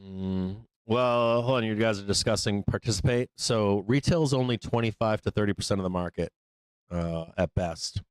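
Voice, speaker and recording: A man's voice: lowish voice, moderate pace, clean tone, no room sound. A man hosting a live stock trading stream, talking loosely and profanely with lots of fillers. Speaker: trading show host. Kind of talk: casual live-stream market commentary.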